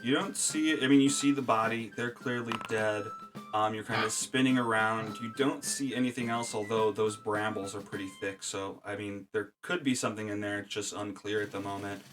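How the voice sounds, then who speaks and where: A man's voice: fairly low pitch, steady tone, fairly quick, music in the background. A man narrating a tabletop game as game master, with a hesitant delivery full of fillers.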